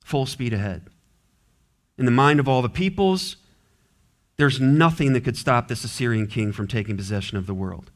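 A man pastor preaching an expository sermon, animated and acting out characters with varied voices. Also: mid-range voice, moderate pace, pauses often. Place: church sanctuary.

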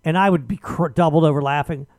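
A man hosting a radio talk show, telling an argumentative story in casual chat with animated emphasis. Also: on the high side, quick pace, no echo.

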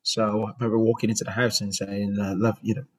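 A man's voice: fairly low pitch, little pitch movement, quick pace, low-quality recording. A man in his forties with a Bristol accent, a former goalkeeper telling stories in a rambling interview, with many restarts. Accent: Bristol English. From Bristol, England. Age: 40s. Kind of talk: casual interview storytelling.

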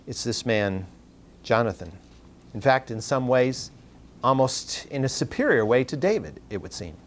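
Guy preaching, voice swings up and down a lot, repeats himself, restarts lines. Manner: animated, rising sharply in pitch for emphasis; repeats words and restarts phrases. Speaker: pastor. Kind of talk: sermon.

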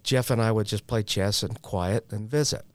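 A man's voice: lowish voice, normal speed, dry recording. A man in his forties, a guest telling his recovery story in a frank, self-deprecating way with wry humor and slangy asides. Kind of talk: candid personal storytelling.

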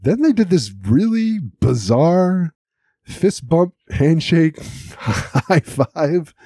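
A man's voice: on the high side, lively intonation, extremely slow, mellow, dry recording, clean studio sound. A man co-hosting an audio podcast, chatting and laughing as he recaps a cartoon episode. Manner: chatty, amused, laughs often while recapping. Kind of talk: casual chat.

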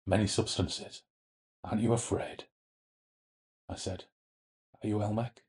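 A man reading aloud from a horror novel, voicing a sinister ancient male demon in a throaty, low, quiet and menacing way. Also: fairly even intonation, measured pace, natural voice.

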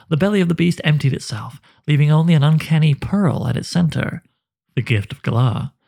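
A man narrating a dark fantasy story in a slow, measured way. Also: mid-range voice, gravelly, breathy edge.

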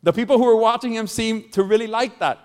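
Speaking fast in a high-pitched, slightly mellow voice with a clear, resonant tone, a man preaches as pastor. He tells a story, kids around and chats with the congregation while the church hall's long reverb trails behind him.

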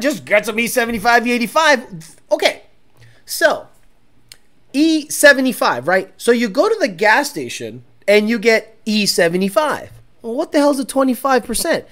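A woman hosting a casual livestream as a car tuner, profane and animated, laughing often. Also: a little high. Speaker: car tuner and stream host.

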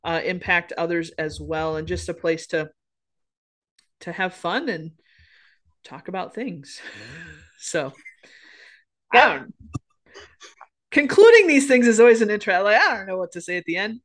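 A woman's voice: lowish voice, expressive, a little slow, pauses often. Earnest woman podcast co-host. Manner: earnest, encouraging, rambling with restarts. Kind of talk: casual faith chat.

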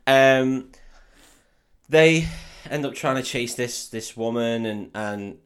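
A man's voice: mid-range voice, slow, clean tone. Swearing Englishman rambling through a recap. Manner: rambling storytelling, swears freely, acts out quotes. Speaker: podcast host. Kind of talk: casual film recap.

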